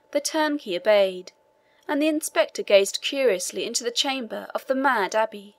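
Measured woman narrating an audiobook. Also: on the high side, dry recording. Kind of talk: scripted narration.

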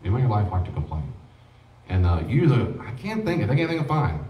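A man's voice: on the low side, sing-song, fast, muffled recording. A man teaching a church grief class in a folksy, joking way, acting out short quoted exchanges. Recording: roomy hall, voice from a distance.

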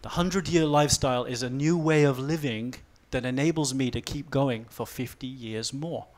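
A man in his forties giving a fast-paced, humorous talk on stage, swinging from quiet asides to loud outbursts. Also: medium pitch. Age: 40s. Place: event stage before a live audience.

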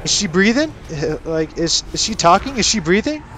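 A man's voice: high-pitched, big pitch swings, normal speed, a bit bright, a little hiss or hum, voice pushed up. A man voicing a desperate father who asks pleading, rhetorical questions about his daughter. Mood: incredulous. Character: desperate father of a girl facing sacrifice.

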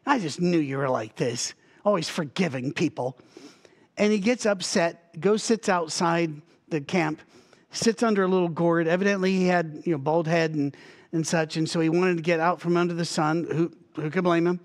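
A man preaching a sermon as pastor, telling a story with lively acted-out voices and frequent chuckles. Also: fairly high pitch, normal speed. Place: church.

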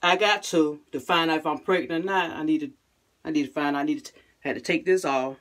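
A woman vlogging casually to camera. She talks in short, restarted phrases and drops to a low, quiet "guys" or "y'all" at the end of most lines. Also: brisk. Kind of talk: casual vlog talk to camera.

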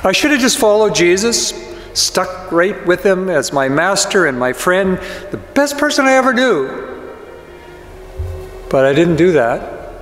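A man, a pastor, voicing the remorseful apostle Peter in a halting, confessional monologue. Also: high-pitched, sing-song, a bit bright, faint music behind, pitched above the performer's own voice, heavily acted. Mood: grieving. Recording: echoey church with long reverb.

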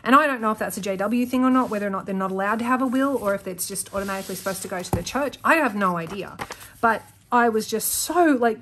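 A woman's voice: mid-range voice, fast talker, fairly bright tone, a little hiss or hum. A woman chatting while she sets up her planner at a desk, rambling, sidetracking often and getting worked up when she rants. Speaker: planner vlogger. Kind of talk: chatty talk while crafting. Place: at a desk at home. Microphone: desk-mounted camera.

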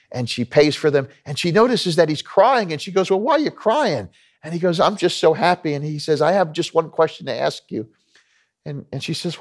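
A pastor preaching a conversational, emphatic sermon with stories and a New York accent. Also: male voice, medium pitch.

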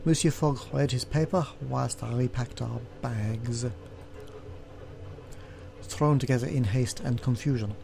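A man reads a text adventure aloud for a let's play, expressive and steady, with casual asides. His voice is mellow and dark, in a middle range. Faint noise sits behind him. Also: mid-range voice, measured pace, gravelly, long pauses. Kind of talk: reading a text game aloud.

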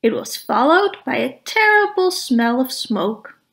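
Woman, children's storybook read-aloud, high voice, slow unhurried pace, expressive. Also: vocal fry. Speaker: storybook reader.

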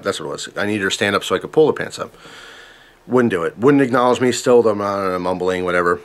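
A man's voice: fairly low pitch, fast, a bit bright. A man casually telling a story to camera, earnest and emphatic, repeating himself when tense.

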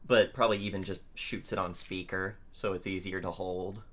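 Player, lowish voice, easygoing and halting. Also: male voice, flat delivery, a bit bright. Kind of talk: describing his character's actions.

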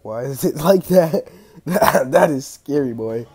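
Young man, excitable slangy gameplay commentary, congested throat, trash talk. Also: medium pitch, slow. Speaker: gaming channel host.

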